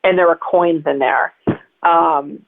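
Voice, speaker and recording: On a tinny phone line, a woman recounts personal stories as an interview guest, chatty and rambling, with plenty of fillers. Her creaky voice is on the low side, with fairly even intonation, and she takes her time.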